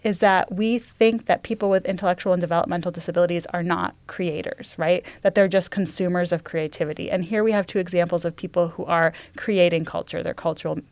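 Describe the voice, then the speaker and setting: A woman's voice: on the low side, steady tone, brisk, hardly any pauses, darkish tone, no echo. A woman co-hosting a studio podcast, enthusiastic and opinionated. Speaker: podcast co-host. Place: radio studio.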